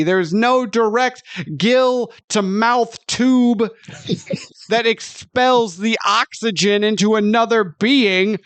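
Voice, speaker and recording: A man with a high voice co-hosts a comedy film review podcast, ranting in disbelief and swearing freely. The sound is close and dry with no room sound. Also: a bit bright, no echo. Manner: incredulous, ranting, profane. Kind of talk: casual comedic chat.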